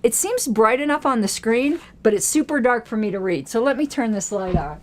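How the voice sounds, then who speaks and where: Her pitch is on the high side and she talks fairly quickly as she hosts a political commentary show from her home studio. The woman rambles in a chatty way, grows excited, and reads from old newsletters.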